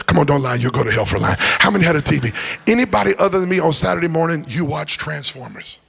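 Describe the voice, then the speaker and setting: In a church sanctuary, a middle-aged pastor preaches a sermon fast and expressively, his slightly high voice gravelly, fairly bright and a bit rough. He swings into sing-song rises and jokes with the congregation.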